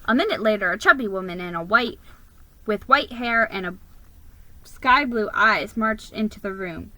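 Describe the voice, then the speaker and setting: Expressive woman reading a children's book. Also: medium pitch, moderate pace, no room sound, rough recording. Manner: animated and expressive. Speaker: reader.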